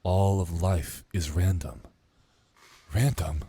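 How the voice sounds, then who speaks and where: A young man rambling in a casual monologue, self-mocking and swearing casually as he muses out loud. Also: mid-range voice, expressive, normal speed. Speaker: musician vlogger.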